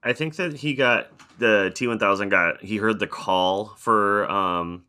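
A man's voice: fairly low pitch, unhurried, sharp tone, smooth. A man co-hosting a casual podcast about movies, joking and laughing easily as he hunts for names. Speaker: podcast co-host.

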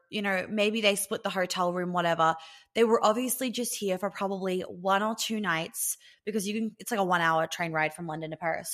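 A woman's voice: mid-range voice, fairly bright tone. Blunt, chatty woman podcasting. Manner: chatty and blunt, swears freely, many "like" fillers. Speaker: podcast host and relationship coach. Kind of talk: casual podcast monologue.

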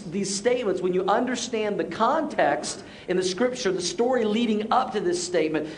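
A middle-aged man preaching a sermon, telling stories with restarts and dropping soft and low for serious points. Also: slight background noise. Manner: storytelling, repeats words as he restarts. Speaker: pastor.

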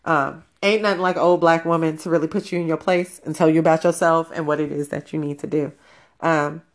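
Woman, deep speaking voice, frank and profane, casual personal talk. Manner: blunt, profane, conversational.

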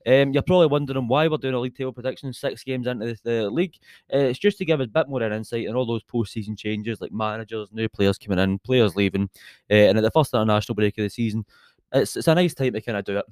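An easygoing young Scottish man co-hosts a podcast, cracking jokes and moving the chat along. His voice sits at a middle pitch, and the recording is dry, with no echo. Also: fast, a little mellow, smooth. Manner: joking, easygoing, leads the segments. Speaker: podcast co-host. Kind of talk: casual chat.

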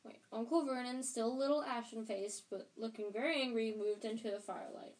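A woman reading a novel aloud, slow and careful, going back to reread passages. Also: fairly high pitch, a little mellow, rough recording. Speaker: reader.

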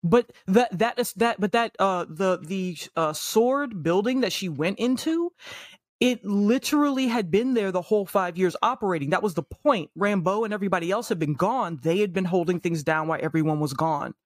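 A man's voice: high voice, moderate pace, no room sound, studio quality. A man in casual chat about movies and shows, ranting with lots of swearing and jokey mock voices.

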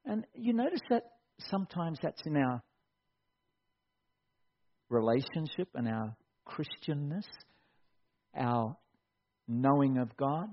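A middle-aged man preaching a sermon, animated and acting out quotes in mock voices. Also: mid-range voice, slow pace, long pauses. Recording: dull lo-fi recording.

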